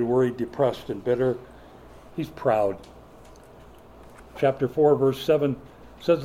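An older man preaching a sermon, a folksy joking storyteller who builds to loud, emphatic preaching. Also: mid-range voice, slight background noise. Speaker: pastor.

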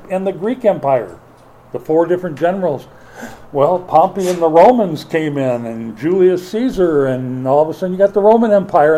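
A middle-aged man preaching a sermon as pastor, lively and playful, acting out taunts and quoted voices. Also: on the high side, poor audio.

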